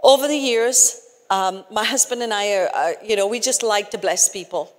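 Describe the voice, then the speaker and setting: Woman speaker for a casual sermon; mid-pitched, chatty, restarts often; long hall reverb. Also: moderate pace. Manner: chatty, tag questions like "right?", frequent restarts. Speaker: speaker at a church gathering. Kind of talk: conversational sermon with personal stories.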